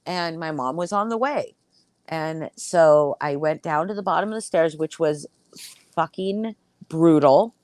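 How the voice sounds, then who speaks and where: A woman with a low voice recounts a story in loose, casual chat. She swears constantly and talks with lively, animated energy. The sound is dry and close. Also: a little slow, dry recording. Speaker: podcast host.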